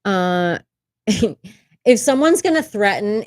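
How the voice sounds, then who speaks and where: A woman's voice: lowish voice, moderate pace, a little mellow, no echo. A woman hosting a casual livestream from a room at home, chatting candidly, swearing casually and laughing often. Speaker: livestream host. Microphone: desk microphone.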